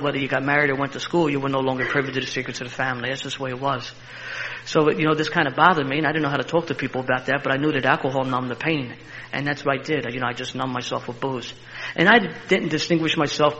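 Older Philly man spinning a fast yarn. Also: medium pitch, slight background noise. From Philadelphia. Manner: animated, laughing storyteller with a street-tough edge. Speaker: interview guest. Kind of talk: personal storytelling. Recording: slightly muffled recording.

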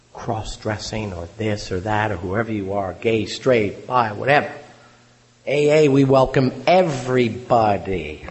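A hoarse man, his voice worn out, giving an earnest recovery testimony at a convention, often trailing off quietly. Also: lowish voice. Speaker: convention speaker. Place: large convention hall. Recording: reverberant hall, faint hum.

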